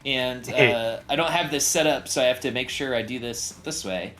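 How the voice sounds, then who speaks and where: A man running a tabletop game as game master, relaxed and jokey. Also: medium pitch, normal speed. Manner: relaxed, jokey, voices bandits in passing.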